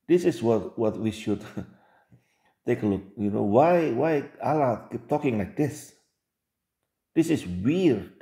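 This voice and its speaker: A man's voice: mid-range voice, lively intonation, slow pace, long pauses, mellow, roomy sound. A man reading religious texts aloud and commenting on them, with emphatic repeats and rhetorical questions.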